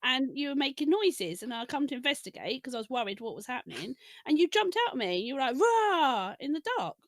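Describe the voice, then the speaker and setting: Brief: woman, fairly high and lively, teasing, dry close sound. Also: fast, no echo. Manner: teasing, exasperated storytelling. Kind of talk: casual chat.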